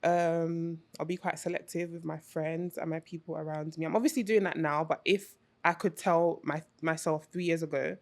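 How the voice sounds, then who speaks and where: Relaxed woman telling anecdotes on a podcast. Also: low voice, normal speed. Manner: relaxed, anecdotal, mixes in Nigerian slang. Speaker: podcast co-host. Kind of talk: casual podcast chat.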